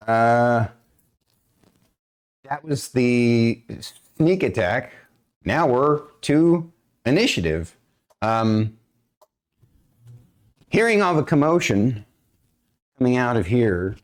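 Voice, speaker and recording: A man acting as dungeon master on a game stream, talking loosely with many fillers and often clearing his throat. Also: medium pitch. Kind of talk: running a tabletop game stream.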